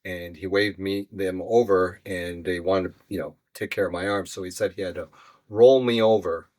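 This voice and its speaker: A man with a deep, low voice tells his own story as a podcast guest. He speaks earnestly and haltingly, leaning on "you know" while he gathers his thoughts. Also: fairly even intonation, darkish tone. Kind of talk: personal storytelling in an interview.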